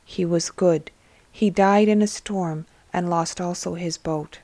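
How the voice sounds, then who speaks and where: A woman voicing a shy male disciple who speaks softly and sincerely about a dead friend. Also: high voice, steady tone, a little slow, no echo. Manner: soft, sincere.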